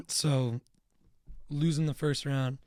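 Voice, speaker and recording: Gentle podcast host, flat voice. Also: male voice, fairly high pitch, takes it slowly, no echo, clean studio sound. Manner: gentle, sympathetic, hesitant phrasing with "um". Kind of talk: interviewing.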